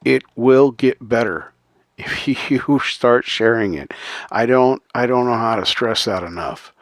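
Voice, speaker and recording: A man's voice: medium pitch, measured pace, dry recording, clean studio sound. A man hosting a casual livestream, talking earnestly to his chat with many ums and uhs and frequent chuckles. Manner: chuckles often, reads out chat names. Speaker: livestream host.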